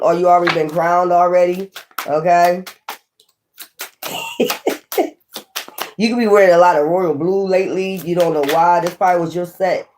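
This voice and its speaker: A woman giving a casual tarot reading to viewers, cursing freely, animated and laughing often. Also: lowish voice. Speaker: tarot reader.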